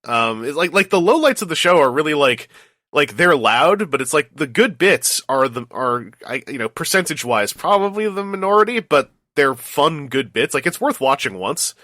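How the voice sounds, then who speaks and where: A man co-hosting a casual podcast, talking in an opinionated, animated way and laughing often. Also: fairly high pitch, normal speed, no room sound, studio quality. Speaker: podcast co-host. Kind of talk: casual chat.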